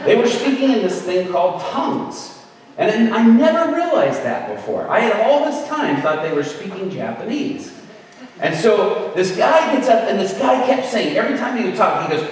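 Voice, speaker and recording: A man telling a lively story in a sermon, acting out the voices of the people in it. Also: high voice, moderate pace, noisy background. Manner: animated, acts out voices in his story. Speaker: preacher. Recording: echoey hall from far off.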